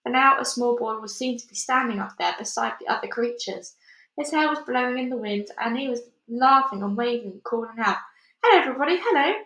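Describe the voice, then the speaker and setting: Woman reader, bright higher voice, echoey room, reads with the odd stumble. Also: a little fast. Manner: steady reading with small slips and restarts. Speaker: storybook reader. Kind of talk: chapter read-aloud.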